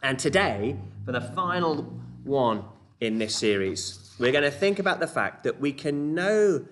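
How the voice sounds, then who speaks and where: Male children's club leader, playful and encouraging, medium pitch. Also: big pitch swings, unhurried, fairly bright tone, slight background noise. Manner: playful, encouraging, mock-exasperated exclamations. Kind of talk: online children's club presentation.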